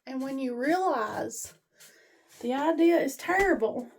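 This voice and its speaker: A woman talks to her viewers in a relaxed vlog. Her voice sits high and her pace is slow and unhurried. She gives a homespun, faith-based pep talk. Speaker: vlogger. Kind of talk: casual encouraging vlog talk.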